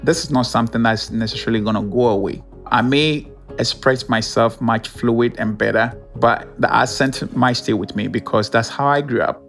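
A man with a Ghanaian accent, a motivational speaker talking slowly and earnestly in an interview. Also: mid-range voice, a bit bright, soft background music. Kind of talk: interview talk.

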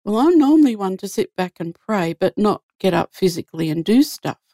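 A woman's voice: medium pitch, animated, fairly quick, dark tone, no room sound, studio quality. A woman guest telling an earnest spiritual story in an easy conversational way. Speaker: guest sharing a faith story.

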